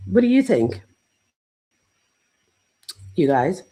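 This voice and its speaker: A woman's voice: fairly low pitch, big pitch swings, extremely slow, warm tone, husky, poor audio. A woman hosting a casual livestream. She talks straight to her viewers in a chatty way, full of "like" fillers. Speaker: host and professor reading live chat.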